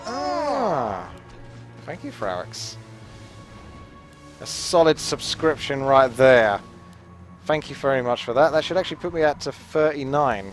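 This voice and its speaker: Relaxed English esports caster. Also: male voice, mid-range voice. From England. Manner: relaxed, chatty and rambling. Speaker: esports commentator. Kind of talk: live game commentary.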